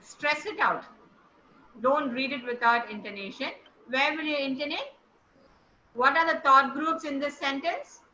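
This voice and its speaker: A woman's voice: high-pitched, a little slow, bright, forceful tone, slight background noise. A woman teaching intonation to a class, encouraging and praising students as she goes. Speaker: speech trainer. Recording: roomy, dull-sounding recording.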